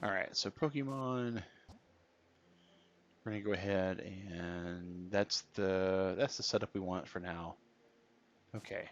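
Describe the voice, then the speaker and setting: A man's voice: sits low, slow pace, long pauses. A man streaming a game, chatting casually and reading out viewer comments. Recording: dull lo-fi stream audio with faint music.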